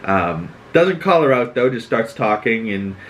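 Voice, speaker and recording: This Boston-accented man hosts a podcast, recapping an episode in a chatty, profane style and acting out quotes along the way. His mid-range voice is sing-song, and he talks at normal speed.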